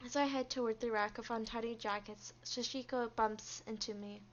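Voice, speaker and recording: A woman's voice: a little high, fairly even intonation, normal speed, lo-fi sound. A woman streamer reading game text aloud and reacting expressively to the story.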